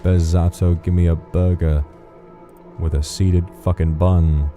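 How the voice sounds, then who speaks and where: Man, game streamer, very deep, dark voice, rambling casual commentary, profane. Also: little pitch movement, a little slow, faint music behind.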